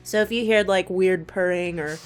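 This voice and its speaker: A woman's voice: on the low side, moderate pace, soft background music. A woman co-hosting a let's play, chatting casually through the gameplay and laughing often. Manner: giggly, chatty, frequent laughter. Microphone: shared desk microphone.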